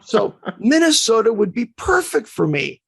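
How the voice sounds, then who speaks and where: A man's voice: very high-pitched, big pitch swings, normal speed, creaky, husky, no room sound, pitched above the performer's own voice, exaggerated voice. A man putting on the voice of an easygoing male pro hockey player who hates stress, in a dry, close recording.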